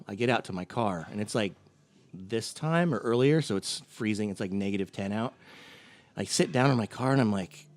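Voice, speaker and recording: A man's voice: fairly low pitch, brisk. Laughing man telling a story. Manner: animated storyteller, laughs while talking. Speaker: podcast co-host. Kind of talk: casual chat.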